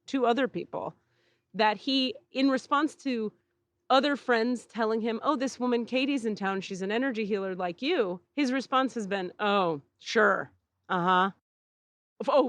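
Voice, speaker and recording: Animated storytelling woman, dry close sound. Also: on the high side, no echo. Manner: animated, acts out quotes, swears freely. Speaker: podcast host. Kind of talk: casual storytelling chat. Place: outdoors in a back yard.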